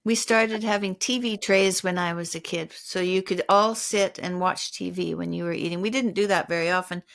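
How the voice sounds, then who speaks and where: A woman's voice: on the low side, steady tone, normal speed, gravelly, fairly bright tone. An older woman hosting a podcast interview, reflective and sharing personal stories. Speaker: podcast host. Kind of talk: conversational interview.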